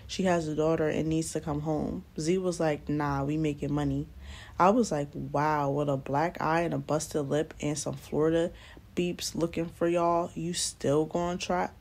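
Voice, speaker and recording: A woman's voice: low-pitched, little pitch movement, unhurried, a little mellow. A young woman vlogger telling a story in a casual, slangy, blunt way while doing nails on camera, recorded close to the mic.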